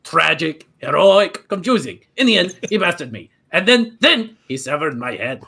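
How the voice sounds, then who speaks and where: A man putting on a boastful, self-adoring minotaur from a comic tabletop game, swooping all over the place as he declaims. The voice is bright and a little husky, with lofty theatrical airs. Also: fairly high pitch, big pitch swings, moderate pace, voice pushed up, full character voice. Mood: grandiose. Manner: grandiose storyteller, theatrical. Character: pompous vain male minotaur, severed head. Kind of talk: comic tabletop role-play.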